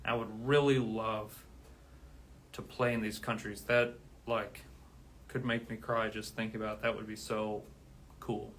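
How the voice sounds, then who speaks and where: A man speaks casually on a livestream, his voice level and monotone. He sounds out of breath after a long stretch of counting. A faint background noise sits under the recording. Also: on the low side, measured pace, long pauses. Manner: steady counting, then grateful rambling. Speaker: drummer streaming live.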